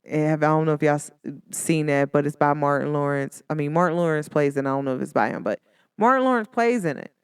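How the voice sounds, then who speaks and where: A woman's voice: low-pitched, fast talker, clean tone, dry recording, studio quality. A woman hosting a casual motivational talk, chatty and encouraging, with lots of filler words. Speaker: podcast host.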